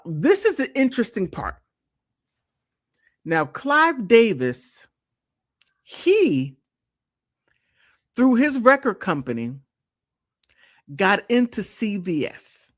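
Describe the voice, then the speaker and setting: A woman hosting a live stream, chatting casually and reading from an old article, often exclaiming and restarting her sentences. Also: medium pitch.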